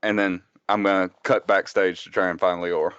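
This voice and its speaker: A man playing in a tabletop game, hesitant, with many pauses and fillers. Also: deep voice, level tone, fairly bright tone, smooth, no room sound. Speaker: player. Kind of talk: tabletop role-play over a call. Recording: dull lo-fi call audio, dry.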